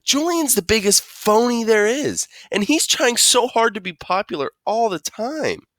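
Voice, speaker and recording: A man's voice: extremely high pitch, expressive, a little slow, fairly bright tone, no room sound, studio quality, pitched above the performer's own voice, full character voice. A man voicing a blunt, worked-up middle-school boy in a storybook read-aloud, stressing his words and stretching them out. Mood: insistent.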